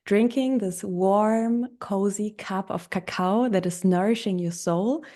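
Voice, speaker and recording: A woman with a German accent hosts a coaching podcast, her voice mellow and mid-pitched. She talks with enthusiasm in a casual interview, English being her second language. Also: slow. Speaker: podcast host.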